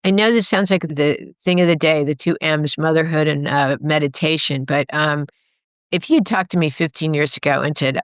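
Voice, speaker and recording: A woman's voice: low voice, fairly even intonation, moderate pace, dry recording, clean studio sound. Earnest rambling woman author. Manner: earnest, rambling with self-corrections. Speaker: guest author. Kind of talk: reflective interview talk. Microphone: remote call microphone.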